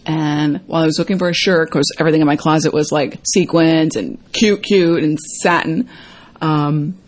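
A woman hosting a casual self-help talk to viewers, chatty and full of fillers, acting out quoted lines in a higher voice. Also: fairly even intonation, moderate pace. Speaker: host.

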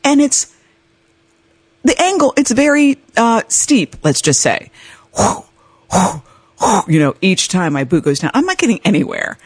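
A woman's voice: a little high, measured pace, pauses often, breathy edge, dry recording. Middle-aged woman rambling thru a story on her podcast, voice jumps all over, dry close sound. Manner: animated, self-mocking, many fillers and restarts. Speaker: podcast host. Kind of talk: casual storytelling monologue.

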